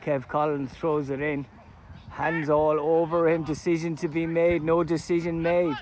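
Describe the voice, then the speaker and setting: A man giving live play-by-play commentary at an amateur football match outdoors, chatty between plays and loud at goals. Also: fairly high pitch, flat delivery, unhurried, a little hiss or hum. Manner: chatty play-by-play, erupts loudly at goals and chances. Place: outdoors at a sports ground.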